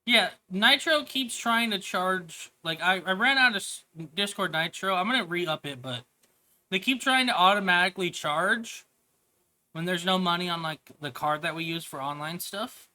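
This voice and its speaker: A woman's voice: lowish voice, lively intonation, moderate pace, sharp tone. A woman streamer chatting casually to her viewers, offhand and rambling. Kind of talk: casual chat.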